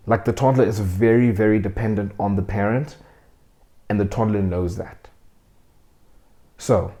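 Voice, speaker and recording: A man's voice: on the low side, dark tone. A young man hosting a casual, earnest faith talk to his viewers, talking conversationally and acting out the voices he quotes. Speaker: host.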